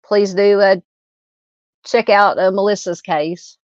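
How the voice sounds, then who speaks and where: A woman's voice: mid-range voice, fairly even intonation, slow, dry recording, dull audio. A woman in her fifties with a Southern US accent, hosting a true crime live stream and chatting casually with her viewers, with many fillers and restarts. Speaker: true crime channel host. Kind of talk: casual live stream chat reading comments.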